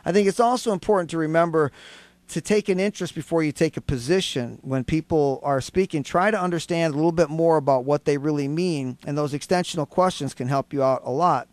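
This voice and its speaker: A man's voice: on the high side, no room sound. A man hosting a radio talk show, patiently explaining communication and acting out different tones of voice.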